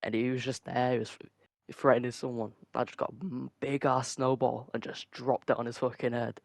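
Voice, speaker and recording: A young man chats excitedly on a podcast in a mid-range voice. He throws in quick jokes and interjections. The recording is dry and close. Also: medium pitch, creaky, no room sound. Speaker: podcast co-host. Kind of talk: casual chat.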